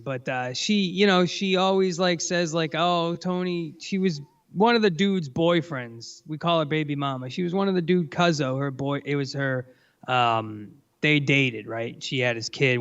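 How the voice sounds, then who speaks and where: A man's voice: fairly high pitch, a bit bright, clean tone. A man hosting a casual call-in stream, ranting and mocking with lots of swearing, recorded on a distant, dull-sounding mic. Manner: profane, ranting, quick to mock.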